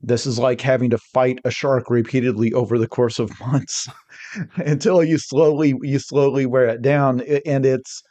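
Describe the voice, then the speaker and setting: A man talking as a podcast guest, energetic and rambling, often restarting his sentences mid-thought. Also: medium pitch, moderate pace. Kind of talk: casual podcast discussion.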